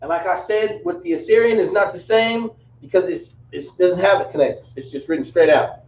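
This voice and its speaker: A man teaching a language lesson, spelling words out slowly with casual slang asides. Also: high voice. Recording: roomy, dull, from a distance.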